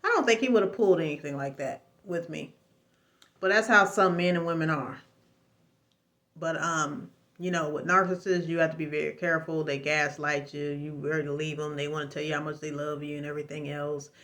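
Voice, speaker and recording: A woman speaks straight to the camera in a casual personal testimony, her voice bright and sharp. She rambles and restarts, then drives her points home with emphatic, preachy exclamations. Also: low-pitched, steady tone, fairly quick. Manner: rambling with frequent fillers and restarts. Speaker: vlogger sharing a personal story.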